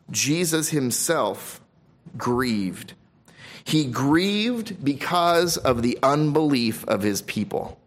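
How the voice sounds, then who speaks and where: A pastor preaches a sermon, his voice leaping up on the words he wants to land and sinking low and soft on the tender ones. He leans on scripture, reading it aloud in old-fashioned King James wording. His pitch sits in the middle of a man's range. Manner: emphatic preaching, swinging between loud stresses and quiet drops.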